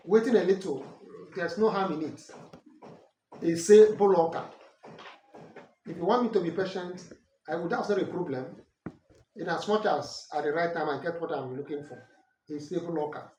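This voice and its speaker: A man's voice: a little high, normal speed, pauses often, dark tone. A Nigerian man whose first language is Ikwerre, giving an earnest, corrective talk that explains names and dialect words. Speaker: language and culture teacher. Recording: roomy echo from a distant mic, faint noise.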